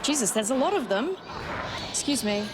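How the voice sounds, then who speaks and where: A woman's voice: fairly high pitch, sing-song, moderate pace, background noise. Chatty Australian woman streaming a game. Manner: chatty, swears freely, talks to chat. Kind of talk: casual live-stream gameplay commentary.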